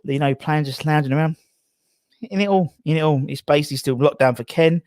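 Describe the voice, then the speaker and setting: A man's voice: a little high, fairly quick, darkish tone, no echo, studio quality. A man from England hosting a casual live stream, rambling and out of breath as he reads out viewer comments. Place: garage.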